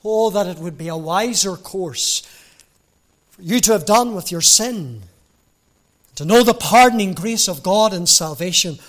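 A man preaching an evangelistic sermon, fervent, building up to loud emphatic passages in a church. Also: high-pitched, animated, unhurried.

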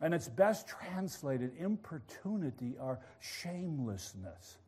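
A man preaching a sermon, telling a story with animated passion. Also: fairly high pitch, slow pace, breathy edge. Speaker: pastor.

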